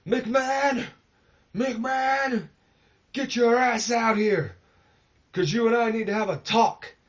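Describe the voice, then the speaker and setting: Man doing a furious old wrestler, shouting. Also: extremely high pitch, takes it slowly, dull audio, voice pushed up. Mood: yelling, furious. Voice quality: strained old-man voice, short of breath. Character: boastful veteran male wrestler, furious, shouting.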